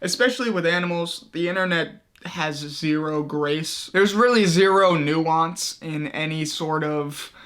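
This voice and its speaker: High-voiced young man doing crude commentary. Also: measured pace, hardly any pauses, a bit bright. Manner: crude, mocking, profane, laughing at his own jokes. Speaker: commentary YouTuber. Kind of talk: comedic video commentary.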